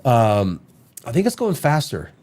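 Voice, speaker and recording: Rambling podcast host with a head cold. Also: male voice, medium pitch, wildly swooping pitch, unhurried, darkish tone. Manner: rambling, joking, reads articles aloud with asides. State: has a bad cold. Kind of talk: casual livestream chat reading news aloud.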